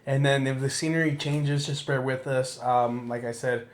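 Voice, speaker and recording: A man's voice: medium pitch, level tone, normal speed. Man co-host chiming in casually. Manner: chiming in, wraps up the show. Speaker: podcast co-host. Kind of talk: casual chat.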